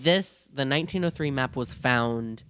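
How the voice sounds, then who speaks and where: A man's voice: mid-range voice, moderate pace, a bit bright, clear, resonant tone. A man co-hosting a podcast in casual chat, easygoing and agreeable. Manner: easygoing, agreeable, short replies. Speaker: podcast co-host.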